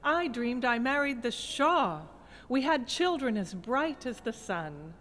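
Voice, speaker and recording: A bold young sister proudly claiming the best dream, as a woman storyteller plays her. Her voice lifts high and slow. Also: lively intonation, a bit bright, in a large hall.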